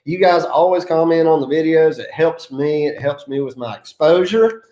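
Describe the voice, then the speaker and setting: A land clearing contractor from the North Carolina mountains offers folksy, self-deprecating business advice in a casual vlog, speaking with an Appalachian accent. His warm, slightly high voice moves at normal speed. The highs are cut off, and the room is echoey.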